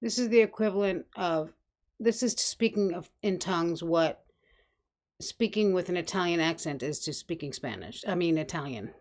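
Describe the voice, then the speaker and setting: A woman's voice: fairly low pitch, expressive, normal speed, a little mellow. A woman hosting a live stream, making wry, offhand commentary. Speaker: stream host.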